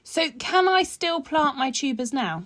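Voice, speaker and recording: A woman's voice: high-pitched, big pitch swings, unhurried, a bit bright. A woman co-hosting a podcast, bantering in a teasing, giggly way. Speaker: podcast co-host. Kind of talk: casual chat.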